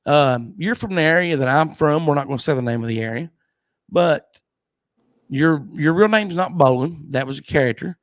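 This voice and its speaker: A man's voice: fairly high pitch, normal speed, no room sound. A man hosting a casual livestream chat, telling rambling stories and laughing often. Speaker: podcast host.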